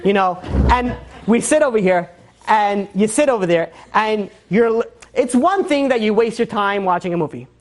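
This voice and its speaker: A man, a rabbi, giving a casual, animated class, joking and acting out what people say. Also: sits high, moderate pace.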